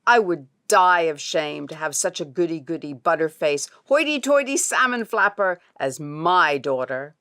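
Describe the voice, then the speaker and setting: A woman's voice: low voice, lively intonation, a little slow, few pauses, bright, forceful tone, full character voice. A woman voicing a proud Viking father who gossips smugly. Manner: smug, gossiping.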